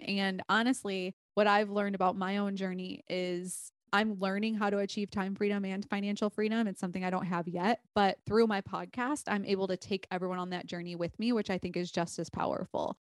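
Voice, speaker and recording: A woman's voice: medium pitch, dry recording. A woman podcast strategist as a guest, telling a story earnestly and casually.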